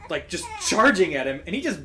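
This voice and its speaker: A man co-hosting a game stream, telling stories animatedly and acting out the people in them loudly. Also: a little high, quick pace. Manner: animated anecdote teller who acts out people loudly. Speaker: streamer co-host. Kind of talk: casual chat while streaming a game.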